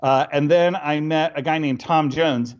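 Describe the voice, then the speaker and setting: Middle-aged man, animated storyteller, lo-fi. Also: fairly high pitch, unhurried. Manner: animated, acts out dialogue with laughs. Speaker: interview guest. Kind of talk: casual storytelling. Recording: dull lo-fi recording.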